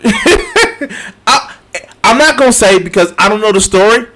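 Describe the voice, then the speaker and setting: A man's voice: extremely high pitch, huge pitch swings, unhurried, noisy background. A man in his thirties giving a casual reaction commentary, swearing often, laughing and repeating himself. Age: 30s. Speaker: streamer reacting to a video.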